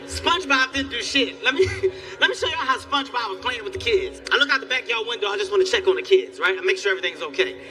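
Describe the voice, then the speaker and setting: Male stand-up comic, high-pitched and sharp, animated delivery, miked on a stage some distance off. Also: fast talker. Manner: animated storytelling, acts out characters, yelling bits. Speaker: stand-up comedian. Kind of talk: stand-up comedy set. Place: theater stage before a live audience.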